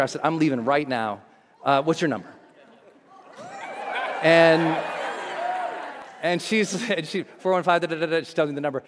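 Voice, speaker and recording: A man's voice: a little slow, long pauses. A man who works as a motivational speaker tells a personal story to a live audience, acting out scenes with big jumps in his voice. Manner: animated, acts out scenes with big pitch jumps. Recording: echoey hall.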